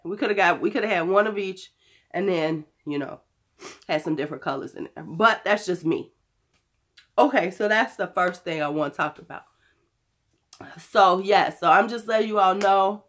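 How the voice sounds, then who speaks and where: Hoarse, blunt woman in her fifties. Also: fairly low pitch, fairly bright tone. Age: 50s. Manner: blunt, cursing, chatty. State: hoarse from illness. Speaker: beauty vlogger. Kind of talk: casual chat to camera.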